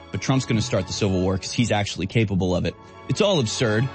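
A man's voice: lowish voice, fast, soft background music. A man hosting a political talk radio show, speaking sarcastically and mocking the people he discusses. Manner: sarcastic, mocking, mimics voices.

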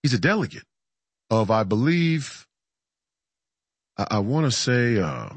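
A man's voice: mid-range voice, very animated, a little slow, breathy edge, no echo. A man delivering a heated storytelling monologue as a political commentator, fiery and repetitive, stumbling over restarts. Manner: fiery, repeats phrases, frequent restarts and stammers.

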